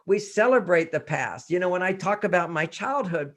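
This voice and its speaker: A man's voice: sits high, lively intonation, normal speed, fairly bright tone. A man in his sixties from Texas, speaking as a guest author in an interview, emphatic and acting out quoted voices. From Texas, USA. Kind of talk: interview talk.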